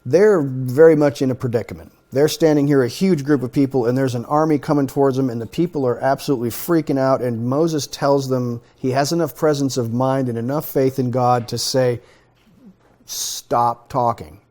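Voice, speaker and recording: A man's voice: medium pitch, brisk, hardly any pauses, warm tone. A man leading a conversational Torah study, talking earnestly and thinking aloud. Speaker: Bible study teacher.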